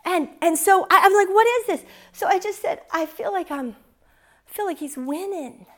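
Her voice very high and fairly bright, a woman preaches at a moderate pace in church. Earnest and tearful, she shares a personal story before closing with fervent prayer over the congregation.

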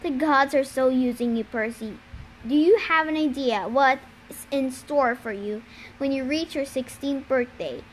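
A woman's voice: high-pitched, measured pace, a little hiss or hum, poor audio. A woman reading the lines of a smug young male villain who taunts and sneers. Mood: taunting.

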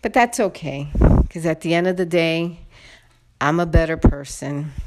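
A woman vents to her viewers in a casual vlog story, talking straight to them. She sounds indignant and worked up. Her voice sits on the low side for a woman. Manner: indignant, venting, talks to viewers directly. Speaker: vlogger.

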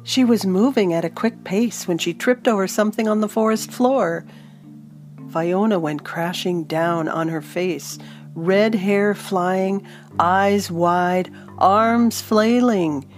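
A woman narrating a fantasy story in a calm, measured audiobook style. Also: mid-range voice. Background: soft instrumental music.

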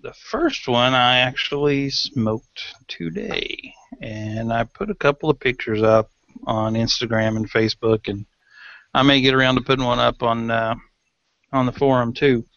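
A man co-hosting a podcast, chatting casually in a relaxed way. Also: medium pitch, measured pace, creaky, no echo. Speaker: podcast co-host. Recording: dull lo-fi audio.

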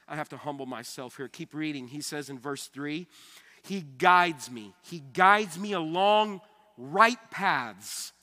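Pastor preaching in a reverberant church. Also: male voice, fairly high pitch. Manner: conversational preaching, swells loud then drops soft. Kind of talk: sermon.

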